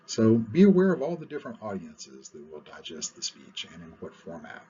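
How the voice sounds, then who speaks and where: Deep-voiced male lecturer, muffled recording. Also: wildly swooping pitch, normal speed, few pauses, dark tone. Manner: conversational, stops often with "uh". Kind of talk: recorded lecture on public speaking. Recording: muffled lo-fi recording with faint hiss.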